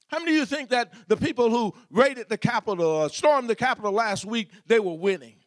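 A man's voice: high voice, animated, moderate pace, hardly any pauses, no room sound, clean studio sound. A man preaching a sermon as pastor, building repeated refrains and asking the congregation questions.

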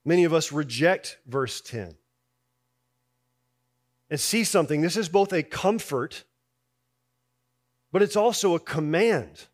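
Higher-voiced man preaching conversationally. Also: expressive, takes it slowly, long pauses. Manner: conversational preaching, drops soft on key lines, rises when voicing doubts. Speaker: pastor. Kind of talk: sermon.

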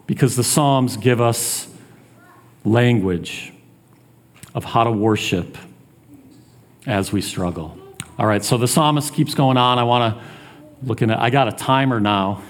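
With a medium pitch, a slightly slow pace, and long pauses, a man gives an earnest, conversational sermon. He restarts often and raises his voice to act out taunts.

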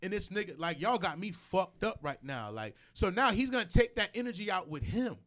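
A man's voice: high-pitched, big pitch swings, fairly quick, fairly bright tone. A man hosting a casual podcast, arguing heatedly, swearing and repeating himself when fired up. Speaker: podcast host.

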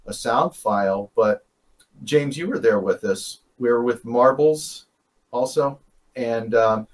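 Casting: man, casual storyteller, rambling and self-correcting, mid-pitched voice. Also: takes it slowly. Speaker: paranormal investigator guest.

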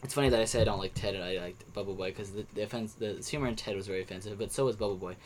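A man's voice: fairly low pitch, very fast, slight background noise. A young man chatting casually on a podcast about movies he watched, rambling with many restarts and fillers. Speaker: podcast co-host. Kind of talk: casual movie review chat.

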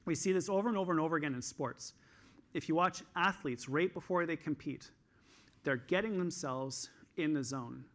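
A Canadian man giving an energetic conference talk on stage, telling coaching stories in an animated way. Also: moderate pace. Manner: highly energized, animated storytelling.

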